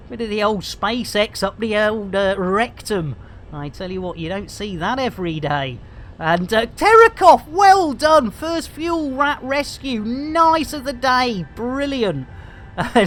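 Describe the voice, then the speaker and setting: A man's voice: high-pitched, a bit bright, slight background noise. A man giving comic, theatrical commentary while streaming a game. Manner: jokey, theatrical, stand-up patter.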